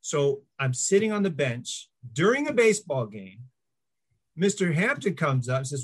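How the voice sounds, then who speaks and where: A slightly rough, fairly high male voice at a moderate pace belongs to a middle-aged interview guest. He tells animated stories in a casual setting, voicing the people in them.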